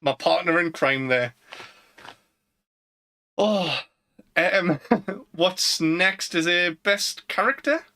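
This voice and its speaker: A man's voice: high voice, lively intonation, drawn-out words, long pauses, sharp tone. A British man co-hosting a podcast in casual chat, rambling and laughing often. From Britain. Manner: giggly, rambling, trails off mid-sentence. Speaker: podcast co-host. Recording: live-streamed podcast.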